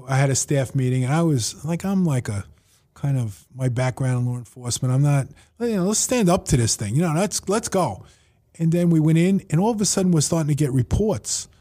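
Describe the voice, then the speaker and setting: A man telling stories in a casual podcast chat, acting out his own and others' lines as he goes. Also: mid-range voice. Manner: animated storyteller, quoting himself and others. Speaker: facility owner and manager. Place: table in his facility.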